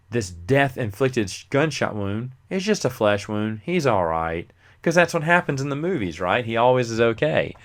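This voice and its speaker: Male host, casual movie review, middle pitch with lots of swing, acts out the scenes he retells. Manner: animated, acts out scenes while retelling them.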